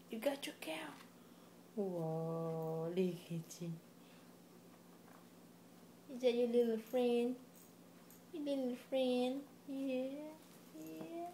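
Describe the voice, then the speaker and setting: A woman's voice: high-pitched, darkish tone, slight background noise. A woman at home coaxing a baby in sing-song baby talk, repeating simple words for the baby to say. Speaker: parent talking to a baby. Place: home, indoors.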